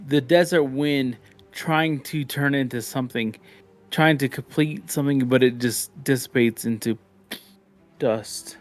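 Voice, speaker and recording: A man's voice: mid-range voice, a little slow. A man narrating a live tabletop game as game master, in a loose, rambling, joking way.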